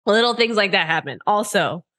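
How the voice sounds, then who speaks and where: A woman's voice: medium pitch, animated, moderate pace, bright, forceful tone. A young adult woman co-hosting a podcast, telling a story in a casual chat, acting out quotes and swearing freely. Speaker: podcast co-host.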